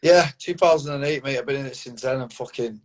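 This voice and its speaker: A man's voice: mid-range voice, quick pace. A Mancunian man in his thirties, a fighter talking bluntly and confidently in a casual interview, swearing often and calling the host mate, over a phone or video call. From Manchester, England. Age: 30s.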